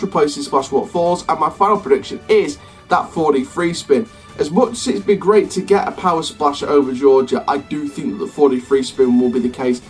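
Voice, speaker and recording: A man hosting a casual theme park vlog, talking in a rambling, self-correcting way with an upbeat sign-off. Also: a little high. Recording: slightly distant mic, faint music behind.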